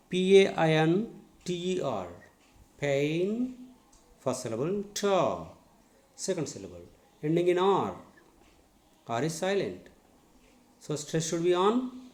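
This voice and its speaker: A man with an Indian English accent teaching English pronunciation in a slow spoken lesson, repeating words to model stress and drilling his students. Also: a little high, very animated, a little mellow. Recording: echoey room.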